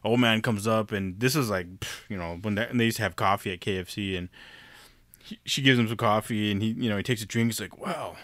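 A man's voice: fairly low pitch, fast, a bit bright, no echo. A man in casual chat, joking crudely and laughing often. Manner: laughs a lot, crude banter.

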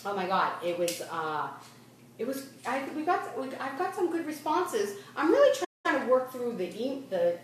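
A middle-aged woman from the Boston area hosts a casual podcast chat in a fairly high voice with big pitch swings at normal speed, her Boston accent clear. She chats freely, often restarts her sentences and laughs as she talks. The room is echoey and she's far from the mic.

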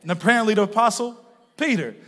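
A male pastor preaching a sermon to his congregation, moving from hushed asides to loud shouted peaks, with playful laughing remarks. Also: sits high, fast. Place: church sanctuary with a congregation. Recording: long reverb of a large church hall.

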